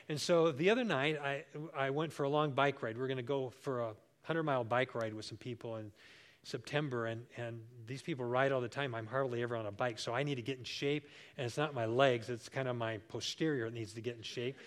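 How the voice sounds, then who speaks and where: A man's voice: medium pitch, brisk. A man in his sixties preaching a sermon as pastor, telling a homely story and acting out the voices he quotes. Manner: warm storytelling, acts out quoted voices with big jumps.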